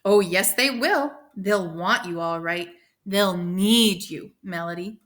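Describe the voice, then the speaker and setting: A woman reading aloud and voicing a determined, demanding woman tutor who coaches a girl, with firm, brisk emphasis. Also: fairly low pitch, lively intonation, a bit bright.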